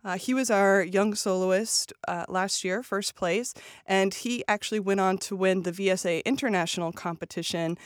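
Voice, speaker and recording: A woman's voice: medium pitch, moderate pace, hardly any pauses, clean tone, no room sound. Woman guest on a radio show, lots of ums and restarts, dry close mic. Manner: hesitant, many ums and restarts. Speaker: arts nonprofit director. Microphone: studio microphone.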